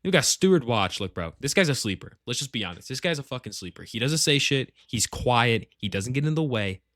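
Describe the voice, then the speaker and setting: In rambling tier-list commentary, a gaming clan leader sorts his group's members, swearing and throwing around slang from a family home. He talks at a brisk clip in a medium-pitched, fairly bright voice with lively intonation, and there's no echo.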